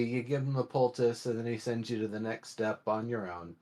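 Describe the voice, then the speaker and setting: A man co-hosting a casual discussion, ranting with wry, animated complaints. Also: medium pitch, a little fast. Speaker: podcast co-host.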